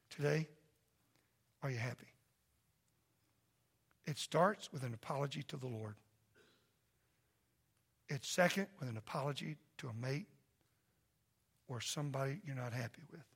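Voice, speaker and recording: A man who is a pastor preaching a sermon in a church, impassioned and loud at first, then soft and pleading. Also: medium pitch, animated, measured pace, vocal fry, pauses often, breathy edge. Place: church sanctuary.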